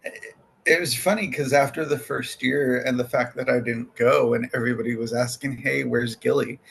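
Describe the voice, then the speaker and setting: A man's voice: medium pitch, normal speed, creaky, a little hiss or hum. A man guesting on a podcast, chatting casually and acting out conversations as he tells stories, laughing often. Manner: animated storyteller who acts out quoted exchanges, laughing often. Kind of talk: casual chat.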